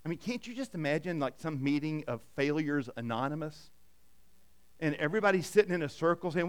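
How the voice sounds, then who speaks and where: A middle-aged man preaching with a high, resonant voice. He delivers his sermon dynamically, pressing points loudly and then falling to near-hushed tones. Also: fairly quick, clear, resonant tone. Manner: dynamic preaching, swings from loud emphasis to hushed. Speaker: pastor.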